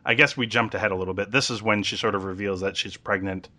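A man's voice: lowish voice, steady tone, quick pace, sharp tone. A man casually recapping a TV episode as a podcast host, chatty with lots of ums and uhs.

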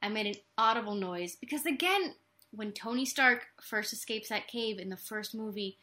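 A young woman in casual chat, animated and emotional, swearing freely and acting out scenes as she talks. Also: mid-range voice, normal speed.

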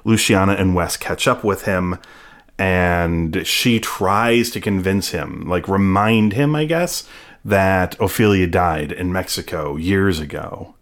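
Deep-voiced man recapping casually. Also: takes it slowly. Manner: rambling recap with fillers and playful asides. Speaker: podcast host recapping a TV episode. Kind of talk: casual chat.

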